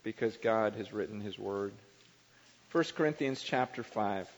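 A man's voice: on the low side, a little slow. A middle-aged man preaching a sermon as pastor, conversational and self-mocking, acting out little quoted voices. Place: large church hall. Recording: dull sermon recording in a reverberant hall.

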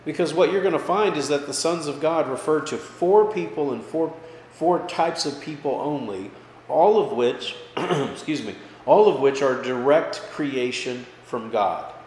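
A man's voice: a little high, a little slow. Pastor man teaching in an echoey hall. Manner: casual, checks in with listeners with frequent "okay?" and "right?"; lively, pushes his voice up for emphasis. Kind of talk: conversational Bible study teaching. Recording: echoey hall with faint background noise.

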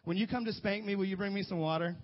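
A man putting on a small boy's voice, high and plaintive, whining from bed for his father. The pleas come out loud and drawn out. The sound is a bit dull and lo-fi. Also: steady tone, fast talker, in a large hall, close to an everyday voice. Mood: pleading. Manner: pleading, yelling for dad. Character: whiny thirsty little boy at bedtime.

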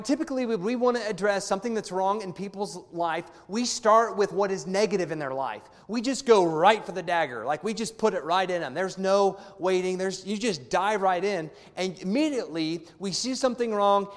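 Guy pastor preaching, kinda high voice, chatty with family stories, long echo in the church. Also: normal speed, few pauses. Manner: conversational preaching with personal stories. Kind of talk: sermon. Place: church hall. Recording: long hall reverb.

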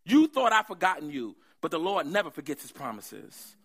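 A man's voice: fairly high pitch, huge pitch swings, moderate pace, fairly bright tone, exaggerated voice. A man voicing God's messenger, consoling at first and building to emphatic promises. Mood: rousing. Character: God's messenger, comforting and rousing.

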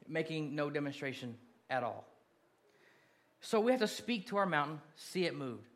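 A male pastor preaching a sermon, steady and direct, building from quiet reflection to loud calls to the congregation. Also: a little high, normal speed.

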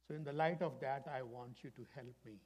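An older man preaching a sermon as pastor, dramatic and storytelling, dropping from loud emphasis to hushed whispers. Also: medium pitch, fairly quick, breathy edge. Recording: long echoing hall reverb.

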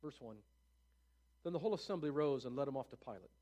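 A man's voice: medium pitch, animated, fast, mellow. A man preaching, reading scripture aloud and breaking in with casual, offhand comments.

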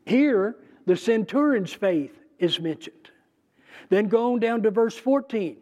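A man teaching from the Bible in a conversational, emphatic way, pausing and restarting as he goes. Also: high-pitched, a little mellow. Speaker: preacher.

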